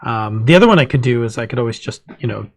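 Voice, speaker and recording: A man co-hosting a podcast in casual chat, animated and a little hesitant. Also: fast talker, vocal fry. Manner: animated, hesitant, says he lacks a deep voice. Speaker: podcast co-host.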